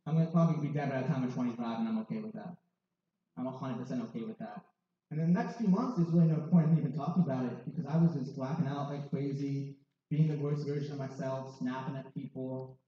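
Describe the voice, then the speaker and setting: A man's voice: medium pitch, quick pace. A young man in his twenties sharing a candid personal testimony with wry, self-mocking humor. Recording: distant, dull, very echoey hall.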